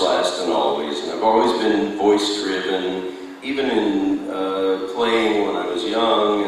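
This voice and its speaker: A man who acts on stage, speaking in a thoughtful, measured, philosophical way on a convention panel. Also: sits low, fairly bright tone, a little hiss or hum. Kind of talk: reflective convention panel talk. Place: convention hall. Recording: echoey hall from far off.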